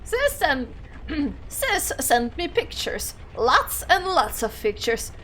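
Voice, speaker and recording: A woman's voice: high voice, very animated, takes it slowly, bright, forceful tone, slight background noise, heavily acted. A woman voicing a doting older great-aunt who travels the world, reading her message in a gushing, sentimental way.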